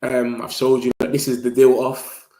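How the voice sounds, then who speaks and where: A young man with a London accent talks football with his live audience in loose, slangy banter. His voice sits at an ordinary pitch. The room gives it a noticeable echo. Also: completely flat delivery, normal speed, mellow. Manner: loose slangy banter, mimics rival fans in a raised voice. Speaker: football fan channel host. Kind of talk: casual live-stream chat.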